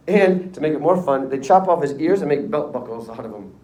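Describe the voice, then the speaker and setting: A middle-aged man teaching a history class in a casual, joking way, often slipping into quick voices for the people in his story. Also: fairly high pitch, expressive, mellow. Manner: jokey storytelling, acts out quick character voices. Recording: echoey classroom, voice from far off.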